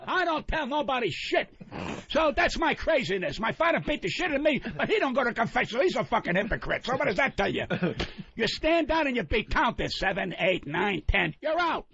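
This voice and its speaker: A man's voice: very high-pitched, big pitch swings, a little fast, vocal fry, sharp tone, a little hiss or hum. An older man, a guest comedian on a radio talk show, ranting in a hostile, profane, combative way. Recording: muffled radio broadcast.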